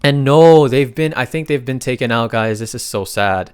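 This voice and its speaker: A man casually recapping a comic story, reading out characters' lines and reacting with excited slang. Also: mid-range voice, normal speed, smooth, no room sound. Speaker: recap narrator.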